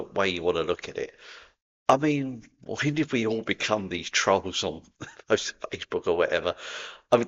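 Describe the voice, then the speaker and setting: A man's voice: on the low side, a bit bright, lo-fi sound. A man from London with a Cockney accent, talking casually to camera in a chatty, rambling way with frequent laughs. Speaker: spiritual vlogger.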